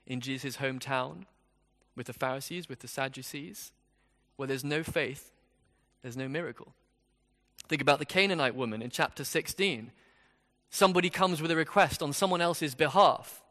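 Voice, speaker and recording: Bright-voiced male preacher in a reverberant hall. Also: fairly high pitch, normal speed. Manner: expository, conversational, with rhetorical questions. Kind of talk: sermon.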